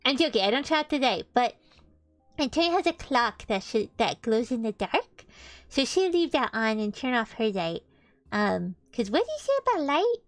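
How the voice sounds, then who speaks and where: A young woman co-host chats with a high, bouncing voice, playful and animated. The sound is dry and close. Faint music plays underneath. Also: moderate pace, no echo. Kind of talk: casual chat.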